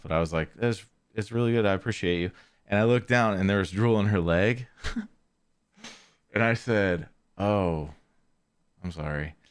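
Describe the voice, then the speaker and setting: A man hosting a podcast, telling a casual story in a rambling way, often correcting himself and trailing off quietly. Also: sits low, clear, resonant tone. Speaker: podcast host.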